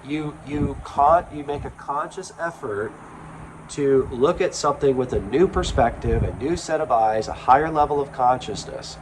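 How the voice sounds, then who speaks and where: A man speaking as a spiritual self-help speaker, in a slow, earnest, reflective monologue with pauses and ums. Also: mid-range voice, background noise.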